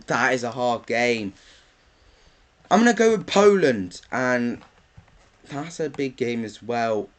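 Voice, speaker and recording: Brief: young man, unhurried rambling vlog chat, mid pitch, lots of filler. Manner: rambling, thinks aloud with many ums, bursts into excited chanting. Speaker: football vlogger. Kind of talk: casual predictions talk.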